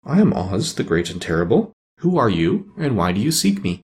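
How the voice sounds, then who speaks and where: A man voicing a stern, commanding wizard who speaks gruffly in a storybook reading. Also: lowish voice, big pitch swings, normal speed, darkish tone. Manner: gruff, imperious.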